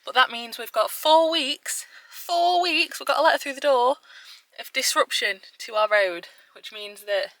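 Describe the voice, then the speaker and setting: Young woman, casual vlog chat, chatty, clear bright tone. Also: mid-range voice, poor audio. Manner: chatty and upbeat, breathless at times. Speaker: vlogger.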